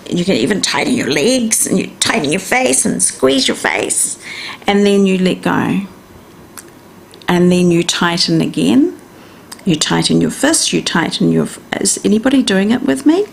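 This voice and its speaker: A middle-aged woman with a New Zealand accent, hosting a radio health and wellness talk and gently coaching listeners step by step in a chatty way. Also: fairly low pitch, gravelly, slight background noise. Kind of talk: casual instructional radio talk.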